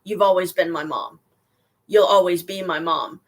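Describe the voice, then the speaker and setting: A woman voicing her old female dog as it speaks telepathically, soft and reassuring, in a voice close to her own. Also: on the low side, normal speed, natural voice.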